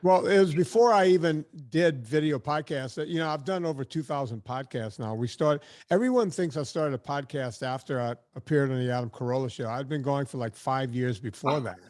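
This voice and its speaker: A man's voice: mid-range voice, a little fast, hardly any pauses, darkish tone. A man talking as a filmmaker and podcaster guest, telling stories in a chatty, blunt way with casual swearing. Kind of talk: casual storytelling interview.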